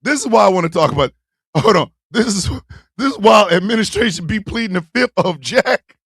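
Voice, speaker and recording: A man hosting a live stream, talking loud and profane and laughing often. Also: sits high, animated, fairly quick, creaky, breathy edge, no room sound, studio quality.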